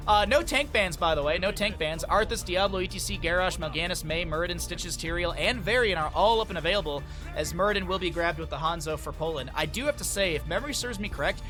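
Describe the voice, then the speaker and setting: A young man from the American Midwest casting a live esports match, tired and chatty, turning aside to talk to his stream chat between plays. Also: sits high. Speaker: esports caster. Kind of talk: live game commentary.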